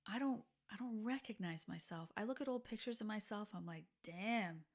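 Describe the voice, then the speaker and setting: A woman in her forties hosting a podcast, telling personal stories in a candid, reflective monologue that sometimes drops to a soft, breathy near-whisper. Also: mid-range voice, moderate pace. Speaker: podcast host.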